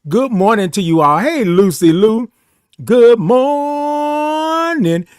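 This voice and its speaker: A man's voice: high voice, animated, no echo. A man hosting a morning live stream from his home studio, chatting casually, greeting viewers by name and stretching out his greetings. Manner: exuberant, drawn-out sung greetings. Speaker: host of a morning live show. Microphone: studio microphone.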